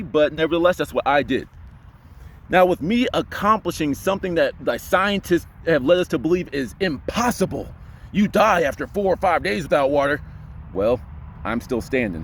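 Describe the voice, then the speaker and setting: Emphatic young man giving voice tips outdoors. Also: a little hiss or hum. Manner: emphatic, rhetorical questions, drops into a deep voice to demonstrate. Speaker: voice coach vlogger. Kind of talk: casual advice talk to camera.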